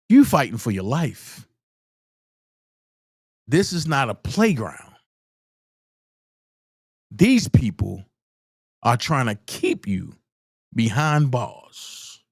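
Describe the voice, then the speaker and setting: A live-stream commentator who talks slowly and deliberately, driving points home with repeated rhetorical questions and blunt, profane asides. The pitch swings widely from phrase to phrase, and the voice is heard close up and dry, with no room sound. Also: husky, no room sound.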